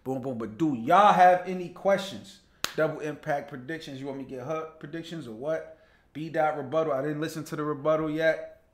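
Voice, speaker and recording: Casual, slightly high-voiced male livestream host. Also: a little fast. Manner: loose, talkative, greets viewers by name, laughs easily. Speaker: live show host. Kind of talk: casual livestream chat reading viewer comments.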